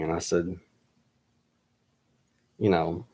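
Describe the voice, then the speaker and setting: A man telling a personal story in a halting way, pausing often with fillers and restarts. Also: deep voice, flat delivery, a little mellow.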